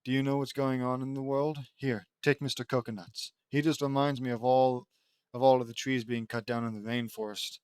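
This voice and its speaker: Solemn teen girl activist, flat delivery, storybook reading, a man voicing her. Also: medium pitch, normal speed, smooth, dry recording, natural voice. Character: gloomy teenage girl comedian turned activist.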